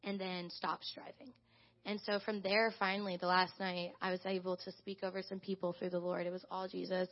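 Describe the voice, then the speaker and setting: A young woman gives a chatty, animated testimony to her church, leaning on "like" as she talks. Her voice has a steady gravelly fry. The sound is dull and lo-fi. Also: on the low side, brisk, hardly any pauses. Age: young adult. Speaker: church intern. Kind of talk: casual spoken testimony to a congregation.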